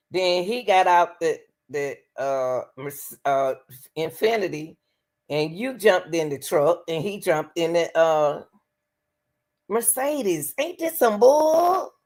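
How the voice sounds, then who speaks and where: Woman, live-stream commentary host, lively pitch, slow speech, exclamatory. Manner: exclaims and laughs often, animated pitch, calls on the Lord.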